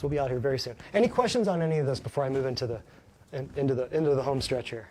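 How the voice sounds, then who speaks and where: A man's voice: fairly high pitch, a little mellow, slight background noise. A man who works as a chiropractor, giving a folksy, emphatic health talk to a small live audience and keeps asking them questions.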